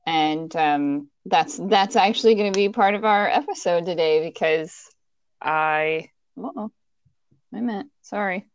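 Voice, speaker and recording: A woman's voice: on the low side, a little slow, clean tone, no room sound, lo-fi sound. A woman with a Virginia accent co-hosting a podcast, chatting casually and rambling with little laughs and restarts over a call. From Virginia, USA. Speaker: podcast co-host.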